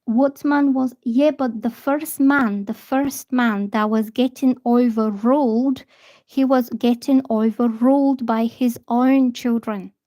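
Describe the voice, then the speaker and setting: A woman chatting bluntly on a livestream as a tarot reader, telling a story in an animated way. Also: fairly high pitch, takes it slowly, dry recording. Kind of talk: casual livestream chat. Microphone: phone or laptop.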